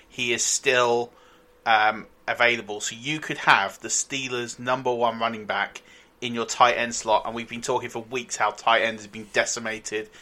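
Bright-toned co-host, flat delivery. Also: male voice, medium pitch. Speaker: podcast co-host. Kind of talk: casual podcast chat.

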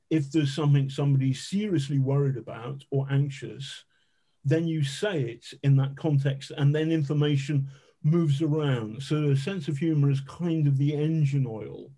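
A man's voice: fairly high pitch, mellow. A man, a journalist telling anecdotes as a podcast guest, rambling with restarts and the odd swear word. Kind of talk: storytelling in an interview.

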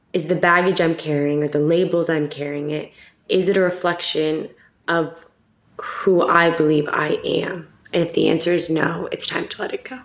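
A woman guest talking with candid, animated energy, laughing often and quickening into bursts. Her voice sits a little low with a gravelly fry. The room around her has a noticeable echo. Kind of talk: casual heartfelt conversation.

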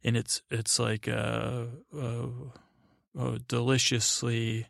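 Homme à la voix grave et éraillée qui divague. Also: male voice, monotone, takes it slowly, gravelly, fairly bright tone, no echo, studio quality. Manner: meandering, full of fillers and restarts, paraphrasing characters in a low-key voice. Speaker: podcast host. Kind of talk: rambling bedtime recap podcast.

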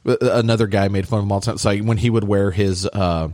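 A man in casual comedic chat as a podcast co-host, teasing and quick with jokes. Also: lowish voice, steady tone, a little mellow.

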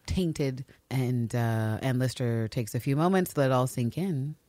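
A man co-hosting a casual recap podcast, animated and swearing, often acting out the characters' lines, recorded in a studio. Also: medium pitch, a little slow. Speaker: podcast co-host.

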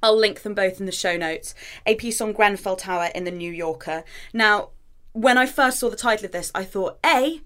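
A woman's voice: mid-range voice, normal speed, a bit bright, smooth. A woman co-hosting a podcast, chatting casually and reading excerpts aloud with enthusiasm. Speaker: podcast co-host. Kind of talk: casual chat.

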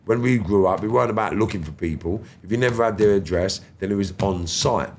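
Low-voiced middle-aged man, animated storyteller, salty language, podcast guest. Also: fast talker, slight background noise. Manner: animated, swears freely, acts out quoted dialogue. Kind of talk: storytelling interview chat.

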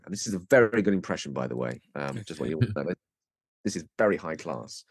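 A man, a guest actor on a podcast, chatting casually and telling a lively story, slipping into comic voices. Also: sits low, a little fast, dry recording, studio quality.

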